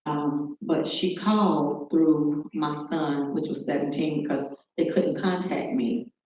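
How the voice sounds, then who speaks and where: Telling her own story on a talk show, a middle-aged woman with a low, dark voice re-enacts the phone calls involved, keeping a steady tone and slow pace. She is recorded from a distance in a very reverberant room with faint background noise.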